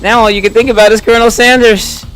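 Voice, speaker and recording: A man's voice: high voice, level tone, fast, fairly bright tone, smooth, soft background music. A man casually commenting on a game playthrough, reading the on-screen text aloud and cracking playful jokes. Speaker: game streamer.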